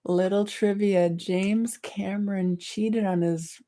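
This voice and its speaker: Playful, giggly woman co-host speaking slowly. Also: medium pitch, fairly even intonation, dark tone. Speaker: radio show co-host. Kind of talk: casual chat.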